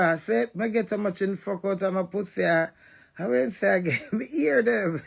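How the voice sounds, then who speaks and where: Defiant gravelly Jamaican woman ranting. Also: medium pitch, a little mellow. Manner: defiant, cursing, repeats phrases in a chant. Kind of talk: emotional live rant.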